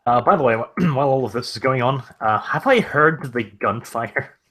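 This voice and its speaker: A man's voice: medium pitch, lively intonation, normal speed, pushed and bright. A man playing a tabletop role-playing game, with a dry, jokey way of talking. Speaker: player. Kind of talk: casual tabletop play.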